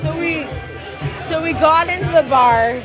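High-voiced woman in a noisy bar. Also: a little slow. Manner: loud, swearing, joking banter. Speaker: podcast co-host. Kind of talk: casual chat. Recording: noisy bar with music and crowd. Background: music and crowd chatter.

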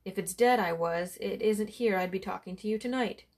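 A woman's voice: mid-range voice, normal speed, darkish tone, lightly acted. A woman voicing a bewildered, indignant village man who protests and pleads.

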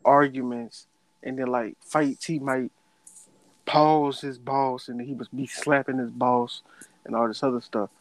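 Male co-host, mid-pitched, argumentative, dry close sound. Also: level tone, a little slow, dry recording, low-quality recording. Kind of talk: casual chat.

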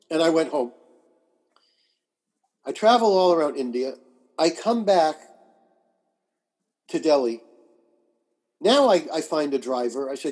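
A man with a husky voice that sits a bit high for a man. He talks as an interview guest, spinning lively anecdotes and acting out what people said. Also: measured pace, long pauses. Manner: animated anecdotes with acted-out quotes and laughs. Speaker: guest, astrologer and author. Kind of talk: conversational storytelling.

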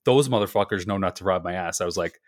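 A man's voice: sits low, fast, no room sound, studio quality. A man co-hosting a podcast, telling stories in a profane, exasperated rant. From Canada. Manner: profane, ranting, exasperated storytelling. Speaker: podcast co-host. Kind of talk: casual chat.

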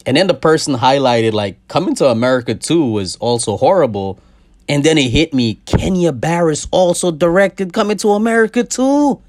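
A young man hosts a podcast, ranting in a loose, profane way. His voice sits a bit high for a man and swings from loud outbursts to low asides. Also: animated, moderate pace. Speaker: podcast host. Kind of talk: casual comedic rant.

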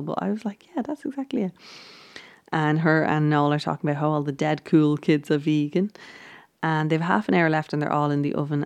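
A woman's voice: deep voice, creaky, a little mellow, no echo. A woman casually recapping a baking show, chatty and giggly, with lots of ums and restarts.

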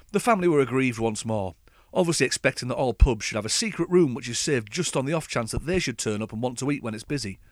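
A man's voice: medium pitch, no room sound. A man hosting a podcast, telling a scripted comic rant in a sardonic, dry way. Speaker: podcast host.

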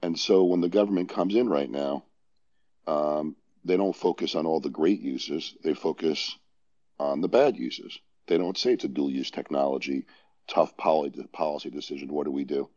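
A man with a New York accent explaining his view as a guest on a casual panel discussion, measured and thinking aloud. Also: rumbling low, warm tone. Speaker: guest on a legal podcast. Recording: dull lo-fi audio.

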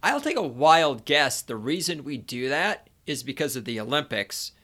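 A man's voice: mid-range voice, very animated, moderate pace, sharp tone. An American man chatting casually and bantering playfully, cracking jokes. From United States. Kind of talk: casual chat.

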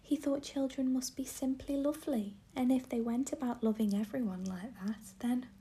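A woman narrating a children's storybook in a soft, slow whisper. Her tone is mellow and gravelly, sitting a little high. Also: fairly even intonation, a little hiss or hum.

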